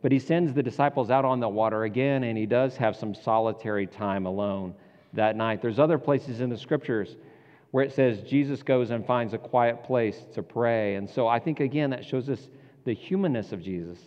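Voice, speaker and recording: A man's voice: medium pitch, normal speed, darkish tone. A man giving a reflective, conversational sermon as a pastor. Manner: reflective, conversational, with self-corrections. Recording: dull sound with long hall reverb.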